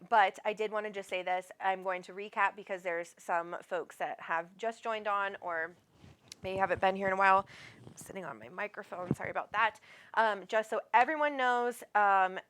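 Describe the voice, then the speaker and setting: A woman's voice: medium pitch, fairly bright tone. A middle-aged woman hosting a live psychic reading show, talking to callers in a rambling, affectionate way with lots of fillers. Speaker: psychic medium host.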